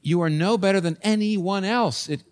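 A man's voice: high voice, normal speed. A man in his sixties preaching a sermon in church, earnest and building to emphatic, repeated points. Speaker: pastor.

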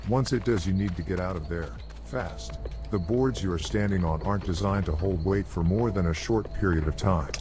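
A man plays a horror game's radio supervisor, calm and curt, his voice very deep. He gives flat, instructional orders with game music clearly behind him. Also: normal speed, lightly acted. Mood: instructing.

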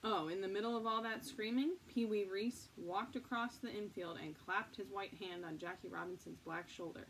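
A woman's voice: mid-range voice, normal speed, hardly any pauses, fairly bright tone, natural voice. A woman voicing a spirited young boy with a folksy drawl who tells a story earnestly and with emphasis. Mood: passionate. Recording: distant mic, faint noise.

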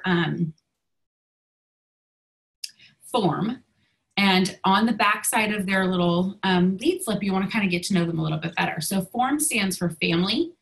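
A woman's voice: mid-range voice, a bit bright, rough recording. A woman coaching her sales team in a casual video, a little out of breath and talking with many ums and restarts.

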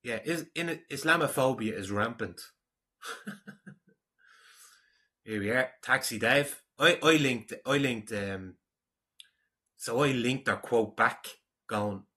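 A man's voice: mid-range voice, slow pace, pauses often, pushed and bright. An Irish man reading out comments in a casual vlog, rambling, combative and mocking. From Ireland. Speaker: online commentator.

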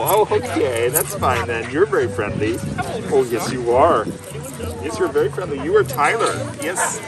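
A man's voice: fairly high pitch, very animated, a little slow, pauses often, loud music behind the voice. A man filming at an outdoor dog park, narrating casually and talking in playful baby talk to the dogs.

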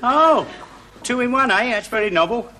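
A cocky busybody. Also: male voice, very high voice, lively intonation, normal speed, pushed and bright, slight background noise, exaggerated voice. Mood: nosy. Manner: boastful, nosy, chatty. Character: cocky working-class male busybody, self-praising. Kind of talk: TV sketch comedy acting.

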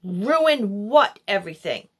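A woman narrating puts on a stern storybook schoolteacher who growls and barks. Her voice swings widely in pitch as she demands answers, forceful and bossy. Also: big pitch swings, takes it slowly, breathy edge, heavily acted. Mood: angry. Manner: barking, demanding.

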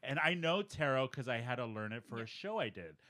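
A man's voice: medium pitch, lively intonation, brisk, sharp tone. A man co-hosting a podcast, animatedly retelling a story and acting out the quoted dialogue in a casual chat. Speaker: podcast co-host.

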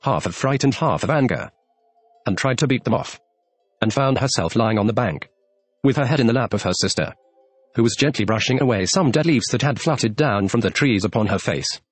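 Husky male storybook narrator. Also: mid-range voice, animated, no room sound, faint music behind. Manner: measured storytelling, shifts tone for characters. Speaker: audiobook narrator.

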